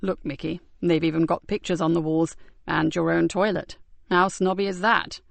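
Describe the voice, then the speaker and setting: A woman narrator voicing a gentle male police sergeant who talks softly and reassuringly. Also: fairly high pitch, fairly even intonation, moderate pace, creaky, no room sound. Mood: soothing. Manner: soft, reassuring, hushed.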